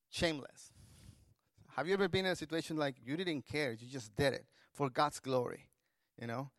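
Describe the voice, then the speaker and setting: High-voiced pastor preaching a sermon. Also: male voice, a bit bright, no echo.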